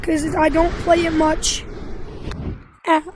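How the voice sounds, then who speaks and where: A woman's voice: very high-pitched, flat delivery, slow, background noise. A young woman casually commenting on her VR gameplay, chatty and rambling with lots of fillers, into a headset mic. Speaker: gaming YouTuber.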